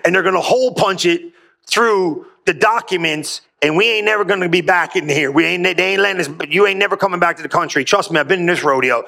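A man preaching a lively sermon, talking casually with slang and frequent asides to the congregation, telling stories between scripture. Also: high-pitched, creaky. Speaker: pastor.

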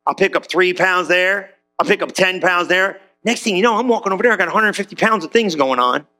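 A middle-aged man preaching a sermon as pastor, conversational and animated, acting out quotes in little voices. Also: high-pitched, fairly quick.

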